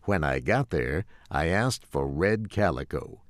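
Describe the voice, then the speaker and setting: A man narrating a story slowly and clearly for English learners, in a measured, carefully enunciated way. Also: extremely low pitch, lively intonation, dry recording, studio quality.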